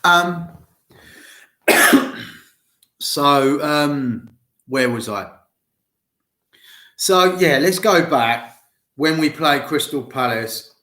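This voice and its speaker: A football fan vlogger chats casually and alone about football to fans, rambling and direct, with a nagging cough, in a roomy, echoing space. His voice is a little high, bright and forceful, with lively intonation, very slow delivery and long pauses.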